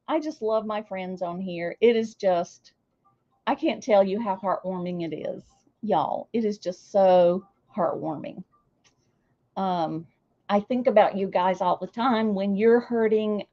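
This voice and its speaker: An older woman, chatting warmly and emotionally with her viewers as a streamer. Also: medium pitch, takes it slowly, lo-fi sound. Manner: warm, emotional, gushing. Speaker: streamer hosting a celebration. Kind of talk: casual chat to viewers.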